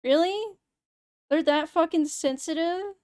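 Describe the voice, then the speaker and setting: A woman's voice: extremely high pitch, unhurried, darkish tone, no echo. A young woman streamer in casual livestream chat, ranting sarcastically and swearing freely into a close mic. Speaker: VTuber streamer.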